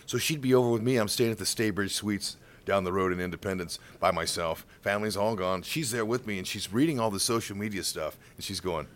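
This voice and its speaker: A man's voice: on the low side, a little fast, few pauses. A middle-aged man, a baseball color commentator, telling stories in a casual interview and acting out the voices of the people in them. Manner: animated, acts out voices in his stories.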